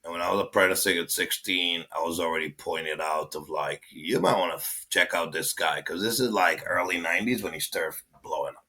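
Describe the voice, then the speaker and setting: Deep forceful man. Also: a little fast, few pauses. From Israel. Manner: animated, swearing, acting out quotes. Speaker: guest, tattoo artist. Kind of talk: casual storytelling.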